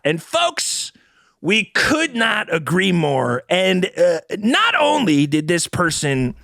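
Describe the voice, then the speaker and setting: A man's voice: sits high, very animated, slow, vocal fry, fairly bright tone, no room sound, clean studio sound. A man hosting a comedy podcast, reading a news story aloud in an over-earnest announcer manner. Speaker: podcast host. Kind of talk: comedic mock-news talk show.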